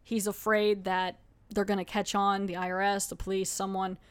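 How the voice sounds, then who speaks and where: A woman's voice: mid-range voice, clean tone. Chatty woman recapping a TV episode. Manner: chatty, animated retelling with laughs and quick acted asides. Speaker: podcast host.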